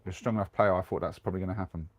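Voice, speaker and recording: A man's voice: low voice, steady tone, racing, noisy background. A young man with a cold, chatting casually on a live stream from inside his camper van, rambling along and reading out viewer comments. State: has a cold.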